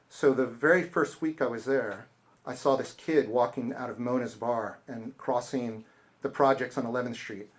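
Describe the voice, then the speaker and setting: A middle-aged man, an author, telling stories to an audience at a bookstore and acting out the people he quotes. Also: mid-range voice. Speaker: author giving a bookstore talk. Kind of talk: casual talk with audience Q&A. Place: bookstore event space.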